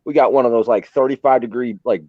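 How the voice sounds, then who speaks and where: A man's voice: medium pitch, fast, dry recording, phone-quality sound. A man telling rowdy, profane stories on a live stream, acting out the quotes. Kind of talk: casual storytelling chat.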